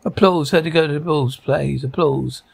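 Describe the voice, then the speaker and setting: A man with a somewhat high, gravelly voice reads out comedy sketches and the sound cues between them, stumbling now and then. The recording is close and dry. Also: moderate pace, dry recording. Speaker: narrator reading sketches and describing sounds.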